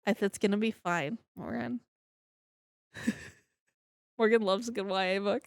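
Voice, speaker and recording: A woman's voice: medium pitch, measured pace, no room sound, clean studio sound. A young woman co-hosting a casual podcast chat, congested and laughing often. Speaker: podcast co-host.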